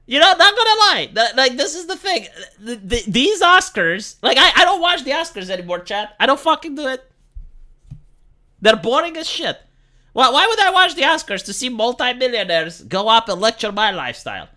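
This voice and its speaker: A woman streamer talks in a bright, sharp voice whose pitch swings widely from high to low. She is sarcastic and swears freely, doubling up words as she hurries through her reaction commentary. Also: big pitch swings, normal speed. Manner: profane, sarcastic, stammers with repeated words. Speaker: live streamer.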